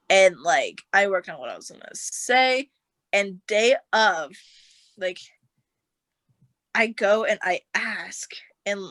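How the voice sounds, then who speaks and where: A young woman telling a long personal story on a podcast, animated and quick to act out what others said, with lots of filler words. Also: medium pitch, no echo. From United States. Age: young adult. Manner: animated storyteller, acts out quotes, says like a lot. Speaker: podcast guest. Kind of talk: casual storytelling chat.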